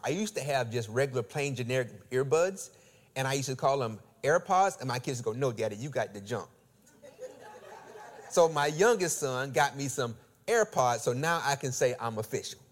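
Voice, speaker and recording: A middle-aged man preaching through a personal story, acting out the dialogue and swinging between loud bursts and quiet asides. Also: mid-range voice. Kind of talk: storytelling sermon.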